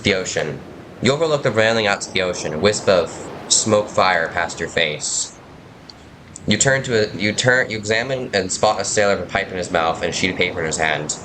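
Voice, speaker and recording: A man's voice: deep voice, fairly quick, noisy background. A man playing a story game, reading its text aloud and commenting in a rambling, self-deprecating way. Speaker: game player. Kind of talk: let's play narration, reading and commenting.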